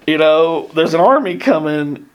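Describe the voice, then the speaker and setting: A man's voice: a little high, animated, unhurried, highs cut off. A man voicing a frightened Jacob who pleads and whines. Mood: scared pleading. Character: frightened male patriarch Jacob, anxious, pleading.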